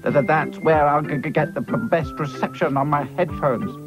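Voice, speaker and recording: A man's voice: a little high, normal speed, music in the background, voice pushed up, lightly acted. A man voicing Hi-Fi, a male rag doll with a heavy stammer. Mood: earnest.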